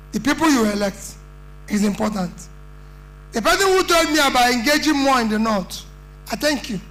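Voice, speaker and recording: Nigerian guy giving a speech, really high bright voice, emphatic, hum and a bit of music behind. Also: poor audio. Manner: earnest, emphatic, plain-spoken. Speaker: political speaker. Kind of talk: conference speech.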